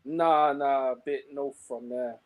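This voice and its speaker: A man's voice: medium pitch, steady tone, unhurried, no echo, phone-quality sound. Laid-back South London man. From South London, England. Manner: laid-back, slangy, mumbles. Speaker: caller. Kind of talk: casual call-in chat. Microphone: phone.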